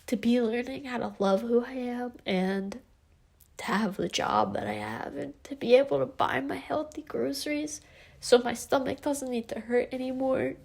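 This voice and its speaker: Tearful young woman with a gravelly voice. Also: fairly high pitch, moderate pace, a little mellow. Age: 20s. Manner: heartfelt, rambling, full of fillers. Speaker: vlogger. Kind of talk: emotional confessional vlog.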